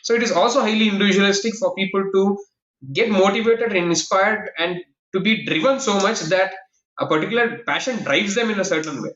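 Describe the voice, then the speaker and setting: A man's voice: high-pitched, a little fast, a bit bright. A man, a guest in an interview, who explains his points earnestly and stacks them in lists. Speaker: guest, professor and quiz master. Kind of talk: casual interview conversation. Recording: echoey, dull lo-fi call audio.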